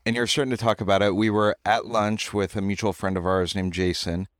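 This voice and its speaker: Man, middle-aged, podcast host; low-ish voice, dry close recording, playful and chatty. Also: level tone, a little fast, no echo. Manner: chatty, joking, self-deprecating. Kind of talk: casual podcast conversation. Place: in-person home recording setup.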